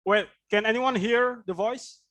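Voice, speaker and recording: Guy teaching ielts speaking on a video call, pretty high voice, keeps asking "right?". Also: measured pace, fairly bright tone. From Indonesia. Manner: explanatory, with frequent "right?" tag questions. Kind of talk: online class teaching.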